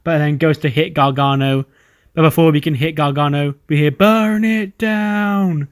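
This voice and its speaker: A man's voice: on the high side, flat delivery, a little fast, clear, resonant tone. A man casually narrating the events of a wrestling management game as he plays. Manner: laid-back narration of booking a wrestling show. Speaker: let's play commentator.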